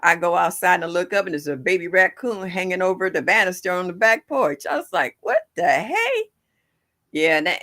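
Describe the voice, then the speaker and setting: A woman's voice: deep voice, sharp tone. An older woman hosting a gardening livestream from home, chatting and laughing with her viewers in a chatty, folksy way. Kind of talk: casual chat with live viewers. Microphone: livestream setup.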